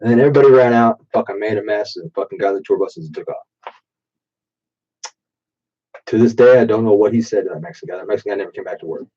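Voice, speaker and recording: A man in his late thirties rambles through profane stories on a late-night stream. His voice is low, dark and husky, thickened by a stuffy allergic nose. It comes through a dull, muffled default mic. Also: quick pace, long pauses. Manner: profane, rambling, drinking while talking. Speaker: live-stream host.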